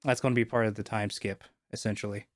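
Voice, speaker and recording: A man's voice: fairly low pitch, little pitch movement, quick pace. Man running a tabletop game. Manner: casual, many fillers and restarts. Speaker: game master.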